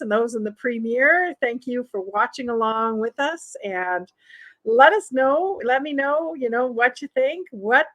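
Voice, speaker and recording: A woman's voice: a little high, a bit bright, rough recording. A woman hosting a casual show-and-tell video of vintage paper collectibles. She chats to the camera, laughs often and keeps asking viewers questions. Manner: laughs often, light and upbeat. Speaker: vintage ephemera seller and channel host.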